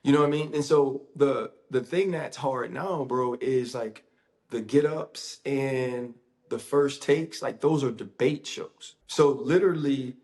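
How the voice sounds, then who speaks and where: A man's voice: mid-range voice, measured pace, a little mellow. A man, a sports analyst, talking casually and emphatically in an interview, repeating phrases for effect.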